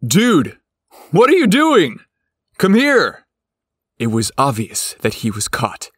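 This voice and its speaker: Slow, expressive male narrator. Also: on the low side, dry recording, clean studio sound. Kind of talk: scripted narration.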